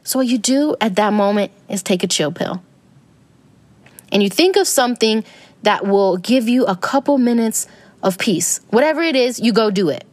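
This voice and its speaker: A woman's voice: fairly high pitch, lively intonation, moderate pace, darkish tone, dry recording. Chatty woman with a dry close voice. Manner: rambling, conversational, many fillers. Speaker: podcast host. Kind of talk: casual spiritual self-help talk.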